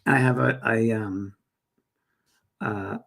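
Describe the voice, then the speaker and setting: A middle-aged man with a gravelly, husky voice hosts a casual live spiritual chat. He rambles warmly from topic to topic, reading out viewer comments and answering them one by one. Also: fairly low pitch, fairly even intonation, takes it slowly. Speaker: host and medium.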